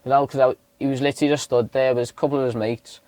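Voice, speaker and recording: A man's voice: mid-range voice, rapid-fire, dry recording. A man from the Liverpool area, co-hosting a podcast and telling a rowdy anecdote, swearing and acting out the voices of the people in it. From Southport, Liverpool area. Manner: animated storyteller, swears a lot, acts out others' voices. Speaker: podcast co-host. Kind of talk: casual chat, anecdote.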